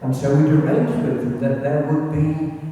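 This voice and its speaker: A man's voice: a little high, normal speed, warm tone. A man from England giving an illustrated local history talk, chatty and anecdotal, with asides to his audience. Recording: echoey hall recording from far off.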